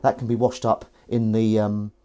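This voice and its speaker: A man's voice: flat delivery, normal speed, dark tone, clear, resonant tone. A man hosting a casual live stream, rambling and self-mocking, chatting as he goes. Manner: rambling, self-mocking and chatty, slipping into a high sing-song voice to coax his cat. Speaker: host. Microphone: fixed streaming mic.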